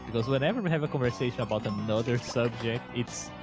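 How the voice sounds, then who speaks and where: A man's voice: mid-range voice, fast talker, over music. A man in a casual stream chat, explaining things and sounding exasperated with the group.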